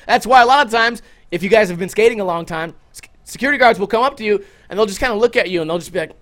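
A young man hosting a livestream, telling stories to his chat in a casual, profane, animated way and jumping into loud quoted outbursts. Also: sits high. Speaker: livestream host.

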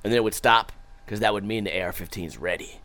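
A young man streams, chatting casually and with plenty of profanity, reading viewer comments and animatedly acting out his own stories. His voice is fairly low in pitch, and he talks fast.

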